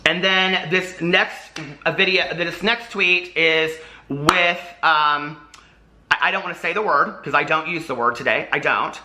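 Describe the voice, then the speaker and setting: A man in a vlog who explains himself in a halting, earnest way, with many fillers. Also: a little high, background noise. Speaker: vlogger explaining old posts. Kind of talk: apology video monologue.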